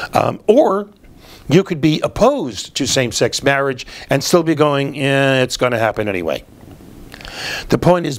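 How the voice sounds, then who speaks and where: Male host, political commentary; sardonic, explains patiently, drops in "uh" fillers. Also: medium pitch.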